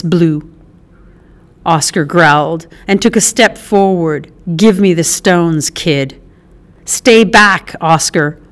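Slow, low-pitched woman narrating a story. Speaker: audiobook narrator. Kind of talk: scripted narration.

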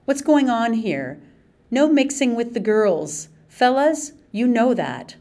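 A woman reading an audiobook, voicing a bossy, falsely sweet female caretaker in a high, loud, shrill voice. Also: unhurried, natural voice. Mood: shrill, sugary.

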